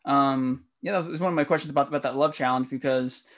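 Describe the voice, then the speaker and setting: A man hosting a podcast interview, halting and agreeable as he responds to his guest. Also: medium pitch, fairly even intonation, fairly bright tone. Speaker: podcast host. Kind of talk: casual interview chat.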